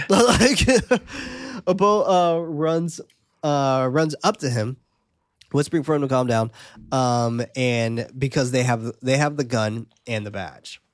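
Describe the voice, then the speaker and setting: A man's voice: mid-range voice, a little slow, no echo. A man co-hosting a casual podcast, recapping a film's plot and joking about it with a friend. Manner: laid-back, laughs at his own asides, reads plot summary aloud. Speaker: podcast co-host recapping a film.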